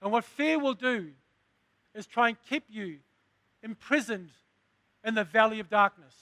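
High-voiced preacher, slow and bright. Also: male voice, no echo. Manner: call-and-response preaching, rising to emphatic. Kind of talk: sermon.

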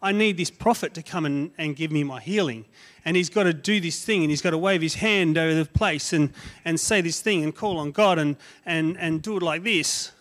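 A man's voice: a little high, normal speed, hardly any pauses, a bit bright, lightly acted. A man putting on an outraged proud army commander. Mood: indignant. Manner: outraged, demanding.

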